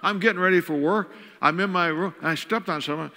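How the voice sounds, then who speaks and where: An older man, a guest speaker, telling a humorous family story from the pulpit, animated and self-mocking as he acts out each scene. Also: high voice, quick pace. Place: large church auditorium. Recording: long hall reverb.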